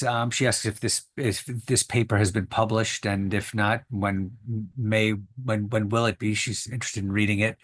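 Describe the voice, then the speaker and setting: Hesitant, low-voiced male moderator. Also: fairly bright tone. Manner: hesitant, many fillers and restarts. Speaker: moderator of a lecture Q&A. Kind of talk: online lecture Q&A over video call. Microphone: video call.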